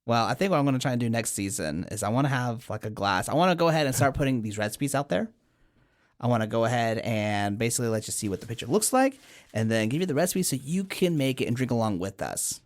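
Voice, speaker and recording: Animated man explaining things. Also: mid-range voice, fast. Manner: explanatory, laughs easily, lively. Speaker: podcast co-host. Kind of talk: casual chat over drinks.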